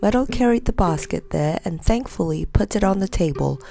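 A woman narrating a children's story in a gentle, measured reading. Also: medium pitch, animated, creaky, faint music behind.

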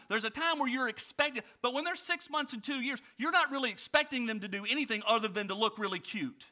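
A male pastor preaching a sermon, asking his congregation direct questions and swinging from loud storytelling to quiet reflection. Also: very high-pitched, quick pace, hardly any pauses. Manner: animated storytelling, rising loud for anecdotes, dropping quiet for reflection.

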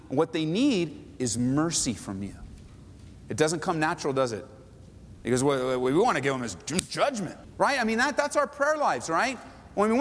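A man preaching a sermon as pastor, animated and dramatic, acting out prayers with big swings in pitch and loudness. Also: in a large hall, a little hiss or hum.

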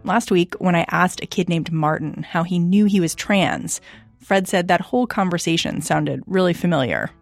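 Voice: medium pitch, animated, moderate pace, vocal fry, dry recording, faint music behind. A podcast host speaking in a plainspoken, reflective, conversational way. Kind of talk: conversational interview.

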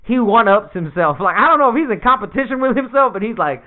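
A man's voice: high voice, expressive, quick pace. A young man in casual chat, slangy and laid-back, swearing freely, recovering from surgery. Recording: tinny lo-fi phone-like sound.

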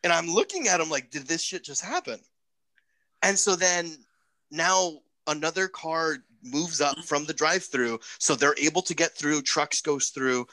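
A young man casually telling a profane, animated story on a podcast. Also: a little high, moderate pace, dry recording.

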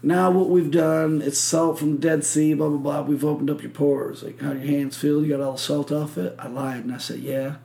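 A man's voice: on the high side, level tone, fairly quick, vocal fry, few pauses, mellow. A man from Michigan hosting a podcast, telling a rambling story full of swearing and acted-out quotes. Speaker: podcast host. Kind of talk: casual chat.

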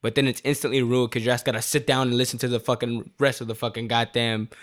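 A man in his twenties talking in casual chat, telling stories in an animated, profane and slangy way. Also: mid-range voice, fast talker.

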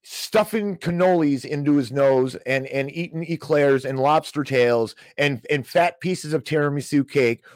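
A man's voice: a little high, dry recording. A man hosting a podcast, ranting about the week's financial news with sarcastic, mocking, theatrical outrage. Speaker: podcast host.

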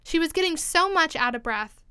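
High bright woman reading a storybook. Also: lively intonation, normal speed, dry recording, studio quality. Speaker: narrator.

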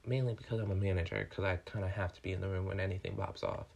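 A man who works as a manager, telling a workplace story in a casual vlog, animated and swearing, swinging from calm to worked up. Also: sits low, quick pace, creaky. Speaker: vlogger, restaurant manager.

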